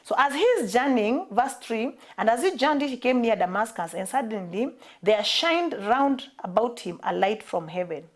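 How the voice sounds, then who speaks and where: A Kenyan woman preaching to her church, pressing each point and saying important phrases twice. Her voice sits a little higher than most women's, and she swings between strong, raised stresses and softer, dropped endings. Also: very animated, normal speed, hardly any pauses. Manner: emphatic, repeats key phrases. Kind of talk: sermon.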